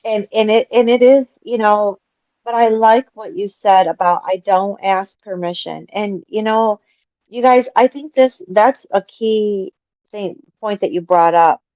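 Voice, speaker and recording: Support-group facilitator, woman, mid pitch, encouraging, dry muffled call audio. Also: steady tone, a little slow, dry recording. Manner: warm, affirming, addresses group as you guys. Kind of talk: casual group-support chat. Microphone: video call.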